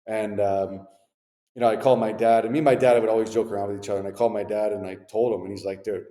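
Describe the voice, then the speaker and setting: A former hockey player in his thirties, appearing as an interview guest, tells laid-back, animated stories full of slangy asides. His voice is fairly low and rapid-fire. The conversation is casual storytelling in an echoey room with long reverb.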